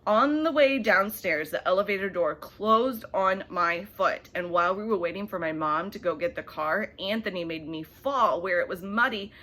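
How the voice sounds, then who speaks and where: A woman reading a children's bedtime story aloud, animated and expressive, with soft hushed asides. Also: medium pitch, a little hiss or hum.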